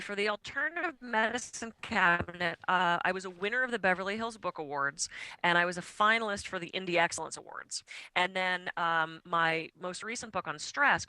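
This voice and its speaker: A woman being interviewed as a guest author, talking in an animated, chatty way and laughing often. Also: fairly low pitch, no echo, poor audio. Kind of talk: radio interview.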